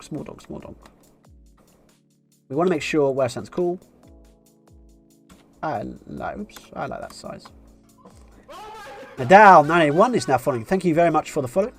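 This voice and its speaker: A man streaming live poker, musing through his decisions and thinking aloud with wry asides. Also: medium pitch.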